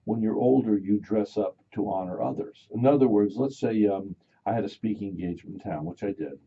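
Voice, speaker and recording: An older man hosting a radio talk show, chatting in a rambling, animated way. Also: fairly low pitch, fairly quick, breathy edge, phone-quality sound. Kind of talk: casual radio chat.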